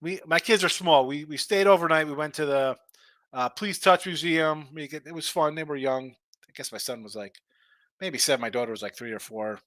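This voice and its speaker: A middle-aged man hosts a sports betting stream in a bright, forceful voice that sits a little high. He talks bluntly and rants with animation as he works through viewer comments. The sound is dry and close. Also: normal speed, no echo. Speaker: sports betting show host. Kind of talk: casual live-stream chat reading viewer comments.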